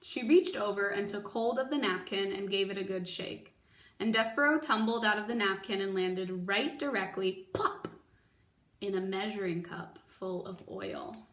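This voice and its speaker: A woman teacher reading a children's novel aloud, expressive and bringing the characters to life with voices. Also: mid-range voice, moderate pace. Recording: echoey room, mic at a distance.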